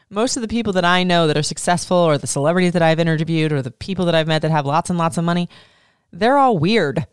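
A candid woman in her thirties hosts a podcast, talking through advice in a loose, unfiltered way with plenty of swearing and laughter. Her voice sits a little low with a gravelly fry, and the sound is close and dry. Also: no room sound. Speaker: podcast host. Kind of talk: casual advice monologue.

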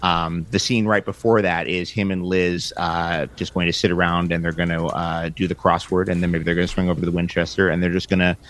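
A man co-hosting a podcast, talking casually and enthusiastically about a film, with animated bursts. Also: low voice, brisk, few pauses. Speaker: podcast co-host.

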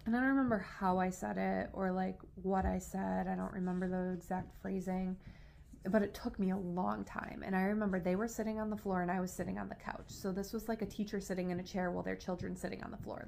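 Gravelly woman telling a story. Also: mid-range voice, fast, a little hiss or hum. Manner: animated, frequent "like" fillers, rising into excited retelling. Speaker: podcast co-host. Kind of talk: casual storytelling chat.

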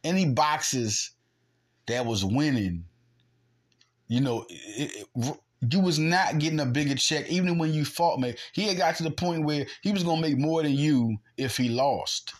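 A man's voice: on the high side, normal speed. A man hosting a podcast, talking in a heated, argumentative sports monologue and mimicking punches with sound effects. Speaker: podcast host. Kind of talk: animated sports commentary monologue.

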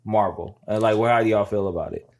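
A man's voice: on the low side, fast talker, a little mellow. A man co-hosting a podcast, talking in a laid-back, slangy way and steering the talk. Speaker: podcast co-host. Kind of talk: casual chat.

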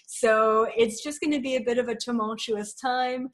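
A woman's voice: fairly high pitch, fairly even intonation, moderate pace. A woman guest in an interview, talking in an earnest, flowing way with many fillers. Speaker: spiritual guest. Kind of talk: spiritual interview talk.

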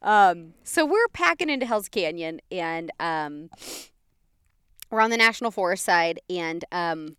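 A young woman, telling a story in a casual, animated way and laughing often. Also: fairly low pitch, measured pace, clean tone, no room sound.

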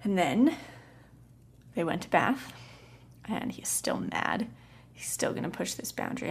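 A woman hosting a parenting podcast who tells a coaching story in a calm, gentle, soft-spoken way. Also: on the low side, measured pace, creaky, a little hiss or hum. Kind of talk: casual storytelling.

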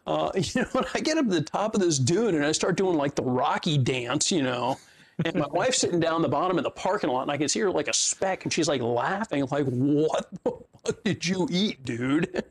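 A man's voice: fairly high pitch, animated, a little fast. A man in his fifties, an interview guest and fitness coach, telling stories in a rambling, profane way with lots of fillers and frequent laughs. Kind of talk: casual storytelling chat.

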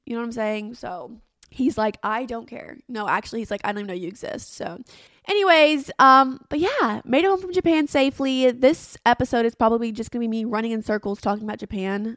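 A woman's voice: medium pitch, dry recording, clean studio sound. A woman, hosting her podcast in a rambling, self-mocking, dramatic chat. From Arkansas. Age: 20s. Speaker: podcast host. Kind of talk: casual solo podcast chat.

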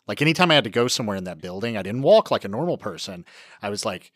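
A man's voice: on the low side, racing, dry recording. A man in casual podcast chat, telling stories with a voice that rises and falls a lot. He swears freely and laughs easily. The sound is dry and close, with no room around it. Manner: animated storyteller, swears and laughs often. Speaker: podcast co-host.

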